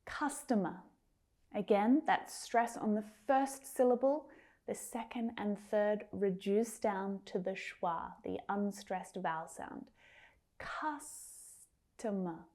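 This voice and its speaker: In a scripted pronunciation lesson for English learners, an Australian woman speaks slowly in a medium-pitched, steady, dark voice. She enunciates single words clearly and carefully while encouraging her learners directly.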